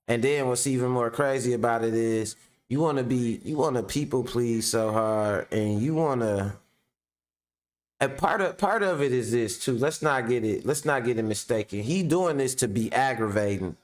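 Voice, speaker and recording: A man hosting casual reaction commentary, blunt and profane, firing rhetorical questions and talking straight to his viewers. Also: medium pitch. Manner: addresses viewers directly. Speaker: commentary host.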